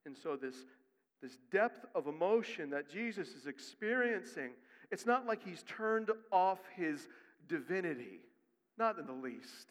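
A male pastor preaching a sermon. He moves from quick, quiet asides to loud, rising emphasis. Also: high-pitched, big pitch swings. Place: church sanctuary. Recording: long reverb of a church hall.

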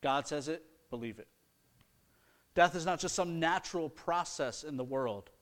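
A man's voice: on the high side, normal speed, fairly bright tone. A middle-aged man preaching an earnest sermon, reading scripture aloud and building to emphatic points. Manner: earnest preaching with rising emphasis and mocking quoted excuses. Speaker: pastor.

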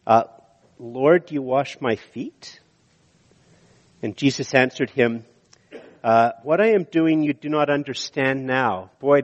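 A man preaching a sermon in earnest, slowing down to stress key words, in a church sanctuary. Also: medium pitch. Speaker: pastor. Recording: dull audio with long hall reverb.

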